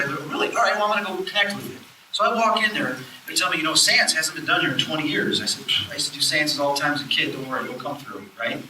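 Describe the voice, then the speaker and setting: Guy giving a live talk, really bright tense voice, kinda high, sounds roomy and far off the mic. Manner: animated storyteller who acts out quoted voices. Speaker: lecturer on spirits and the afterlife. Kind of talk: live lecture to an audience. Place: lecture hall at a public event. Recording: roomy distant live-event recording with faint noise.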